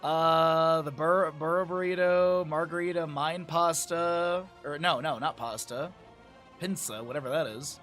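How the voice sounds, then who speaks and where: A man's voice: on the high side, steady tone, unhurried, fairly bright tone, soft background music. A man streaming, chatting casually with his chat, laughing often and reading aloud from a menu. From Lake Tahoe area, United States.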